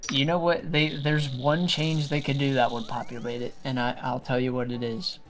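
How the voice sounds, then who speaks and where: A man streaming a game, telling stories in a lively, casual way and swearing freely. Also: medium pitch, normal speed, faint music behind. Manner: animated storyteller, swears freely. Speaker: streamer playing an online game. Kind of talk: casual gaming chat.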